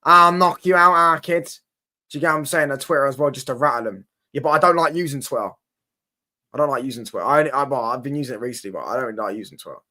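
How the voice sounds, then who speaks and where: A man's voice: mid-range voice, rapid-fire, sharp tone. A brash, sweary young man giving rambling reaction commentary on football. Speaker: football watchalong streamer.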